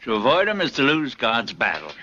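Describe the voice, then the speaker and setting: A man's voice: medium pitch, wildly swooping pitch, fairly quick, lo-fi sound, very noisy. A weary old pious man. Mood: reflective. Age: older. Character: weary old religious man, late at night.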